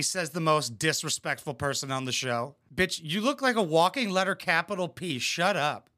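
A man's voice: on the high side, lively intonation, moderate pace, few pauses, pushed and bright. A man hosting a reaction video, tossing out crude, sarcastic, mocking commentary.

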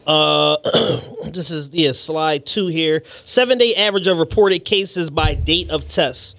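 A man co-hosting a podcast, quickly chiming in and reading out figures. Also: a little high, gravelly, fairly bright tone, dry recording. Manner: quick chiming-in, reads out stats. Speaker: podcast co-host. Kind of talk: casual chat.

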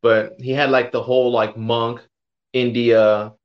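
A man's voice: medium pitch, measured pace. Man retelling a story, slightly dull sound. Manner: animated storyteller, retells scenes with quoted voices. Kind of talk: casual conversation.

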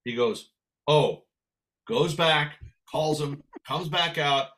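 An older man from San Francisco spins a long anecdote as a guest. His voice sits a little high, and he acts out the other people in the story as he tells it. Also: slow pace. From San Francisco, USA. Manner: animated anecdote telling with acted dialogue. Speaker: guest musician. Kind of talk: storytelling in conversation.

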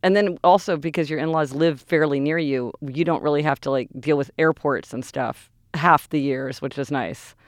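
A woman hosting a podcast in casual chat with her sister, her voice hoarse from losing it. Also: deep voice, normal speed, few pauses, dry recording, clean studio sound. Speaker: podcast host. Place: New York City.

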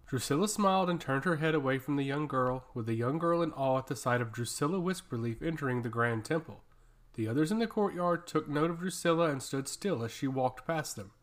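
A man narrating a fantasy story in a steady, even storytelling way. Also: medium pitch. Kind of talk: scripted fantasy audiobook narration.

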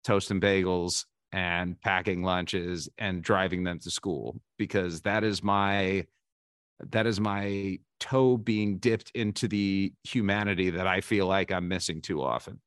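A man's voice: low-pitched, steady tone, unhurried, fairly bright tone, smooth, no echo, studio quality. A man in his forties, a podcast guest, telling candid, self-deprecating stories and often restarting his sentences. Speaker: podcast guest, baseball insider. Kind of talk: casual interview storytelling.

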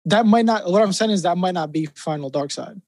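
High-voiced excitable man podcasting. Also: a little fast, no room sound, clean studio sound. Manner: excitable, peppers speech with "like". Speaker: podcast co-host. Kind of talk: casual chat.

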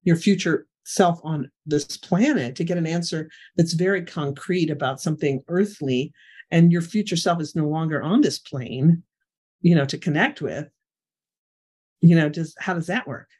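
Interview guest: middle-aged woman with a breathy, husky voice, lively storyteller. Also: sits low, normal speed. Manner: animated storyteller, frequent "you know" fillers. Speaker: guest, remote viewing expert. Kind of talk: conversational storytelling.

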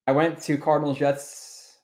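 A man's voice: on the high side, little pitch movement, a little slow, darkish tone. A young man hosting a casual sports podcast, chatting loosely and swearing often, with many restarts as he reacts to chat comments. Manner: loose, profane, rambling with restarts. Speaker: podcast host.

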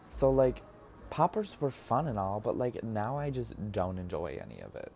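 A man's voice: fairly low pitch, sing-song, normal speed, vocal fry, warm tone, a little hiss or hum. A young man hosting a podcast, telling personal stories in a casual monologue. He is chatty, laughs often, and fills his speech with 'like' while he eats. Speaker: podcast host. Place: indoors, eating while recording.

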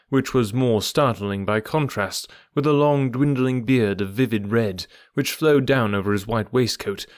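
A man reading an audiobook aloud as narrator, in a steady, even storytelling manner. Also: medium pitch, no echo, studio quality. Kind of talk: scripted narration.

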